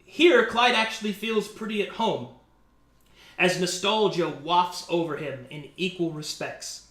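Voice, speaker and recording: A man running a tabletop game who narrates the scene casually and often breaks into chuckles. His voice is fairly high and bright, and his pace is unhurried. The room gives the sound an echo. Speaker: game master.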